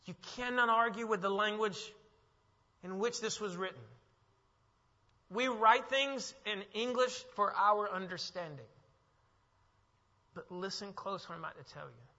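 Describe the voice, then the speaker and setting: High bright-voiced guy preaching, goes quiet then builds up loud, muffled recording with long hall echo. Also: measured pace, pauses often. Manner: builds from hushed to emphatic preaching. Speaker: pastor. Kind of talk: sermon. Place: church sanctuary.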